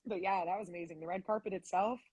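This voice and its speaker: Husky, chatty young woman. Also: on the low side, quick pace, no room sound. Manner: animated, chatty storytelling with many fillers. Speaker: voice actress guest. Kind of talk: casual live-stream interview.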